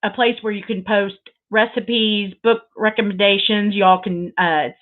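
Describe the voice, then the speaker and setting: A woman's voice: medium pitch, fairly even intonation, measured pace. A woman hosting a casual crafting livestream, gushing and sentimental, rambling with lots of fillers. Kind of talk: casual live chat with viewers. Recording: tinny phone-like sound.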